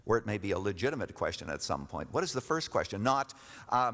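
A man preaching a sermon as pastor, emphatic, repeating his key phrases and rising in pitch to stress a point. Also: very animated, normal speed, fairly bright tone. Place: church sanctuary. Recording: long reverb of a church hall.

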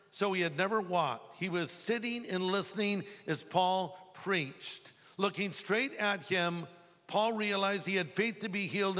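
Bright high-voiced preacher in a hall. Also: male voice. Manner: humorous, animated storytelling. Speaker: pastor. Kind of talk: sermon. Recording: long hall reverb.

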